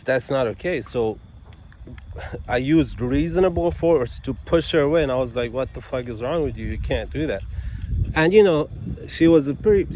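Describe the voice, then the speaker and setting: A man in the middle of an animated, rambling story, often restarting his sentences and adding asides as he goes. His pitch sits at an ordinary middle level. Faint traffic noise carries in from the street behind him. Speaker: attorney and vlogger telling a story. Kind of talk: casual storytelling to camera.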